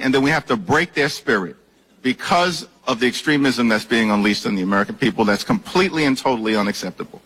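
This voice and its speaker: A man's voice: mid-range voice, bright, forceful tone, breathy edge, low-quality recording. A man speaking as a politician in a firm, declarative public statement. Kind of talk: public speech clip.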